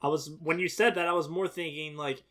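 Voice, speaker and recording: A man's voice: fairly high pitch, fairly even intonation, fairly quick, a bit bright. A man chatting casually as a reaction co-host, rambling and defensive and often restarting his sentences. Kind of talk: casual chat.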